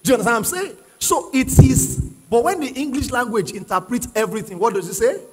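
High-voiced, husky male pastor preaching. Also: fast talker. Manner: asks the congregation questions and prods them to answer; emphatic, repeats key phrases. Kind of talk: sermon. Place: church hall with live congregation. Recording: long reverb of a large hall.

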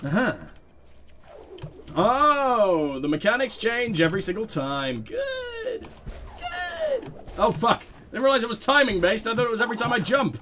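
A man hosting a let's play, giving excitable, self-mocking game commentary full of swearing. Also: high-pitched, normal speed, a little hiss or hum.

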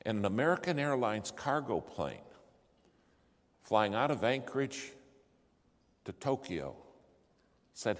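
A man telling a story in a sermon, acting out the dialogue and swinging from hushed asides to loud exclamations. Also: mid-range voice, very animated, measured pace, long pauses. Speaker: preacher telling a testimony. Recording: long hall reverb, faint ambience.

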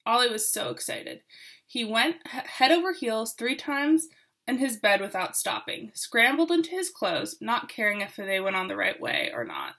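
A woman reading a picture book aloud to children, expressive and with asides to her listeners. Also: a little high, moderate pace, gravelly. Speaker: storyteller.

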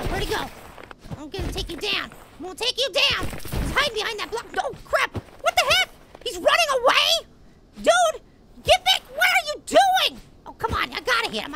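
A tiny male cartoon apple giving game commentary in a very high, squeaky voice with a gravelly edge. He hops wildly up and down in pitch and flares up at his opponent. The recording carries clear background noise. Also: exaggerated voice. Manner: squeaky, easily riled, shouting at opponent. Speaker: let's play gamer. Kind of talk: gameplay commentary.

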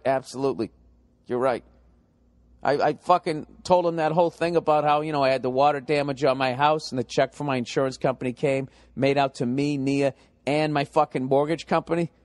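Profane ranting man, higher voice. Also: dry recording. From United States. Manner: profane, ranting, animated storytelling. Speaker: podcast host. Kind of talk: comic podcast monologue.

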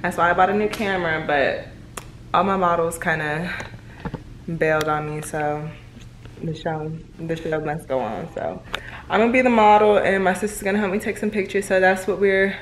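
Young woman vlogging from her bedroom, talks fast and chatty, kinda low voice, faint room noise. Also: reverberant. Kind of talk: casual vlog chat to camera.

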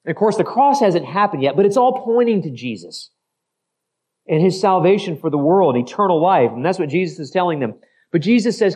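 A man's voice: high voice, lively intonation, a little fast, warm tone, breathy edge. A male pastor preaching an expository sermon, acting out skeptical voices and often repeating and correcting himself. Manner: repeats phrases, self-corrects mid-sentence.

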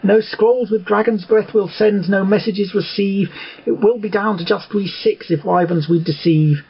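A man's voice: high voice, fairly even intonation, normal speed, gravelly, slightly rough, muffled recording, voice pushed up, heavily acted. A man voicing a refined, fretful young female unicorn in a recited storybook poem. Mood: fearful.

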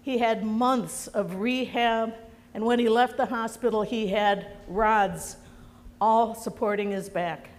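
A woman's voice: fairly high pitch, steady tone, slow pace, long reverb tail. A woman pastor preaching a sermon in a church, telling stories earnestly. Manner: earnest storytelling. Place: church sanctuary.

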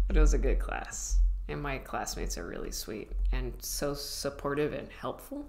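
Low-voiced woman rambling casually. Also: expressive, normal speed, vocal fry. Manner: chatty, rambling, self-mocking, many restarts. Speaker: comedian vlogger. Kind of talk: casual rambling vlog chat.

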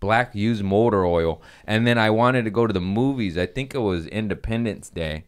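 A man's voice: fairly low pitch, normal speed, smooth. A comedian in his thirties, telling crude stories in casual podcast banter. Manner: animated, crude storytelling.

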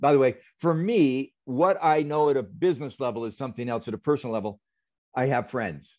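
An earnest, reflective man talks as a guest on an interview, telling a story and speaking with quiet conviction. His voice sits at a middle pitch. It comes over a video call, and the audio is dull and lo-fi. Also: brisk. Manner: earnest, reflective, tells stories with quoted dialogue. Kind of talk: interview conversation.

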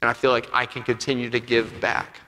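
A male pastor preaching a sermon, acting out dialogue and swinging between loud passages and soft ones. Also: medium pitch, completely flat delivery, fairly quick, a little hiss or hum. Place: church sanctuary. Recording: church hall with long reverb.

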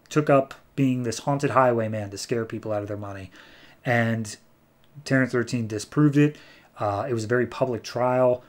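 Slightly mellow and mid-range, this male voice belongs to a comics podcast host. He chats his way through a relaxed review, summarizing storylines and briefly performing the characters.

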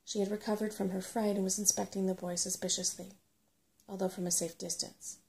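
A woman reading a bedtime story aloud in a soft-spoken ASMR style, gentle and unhurried. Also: medium pitch, little pitch movement, creaky.

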